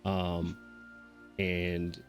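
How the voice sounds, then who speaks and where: Deep-voiced man running a tabletop game. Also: monotone, extremely slow, soft background music. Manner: loose, hesitant narration with fillers. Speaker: game master.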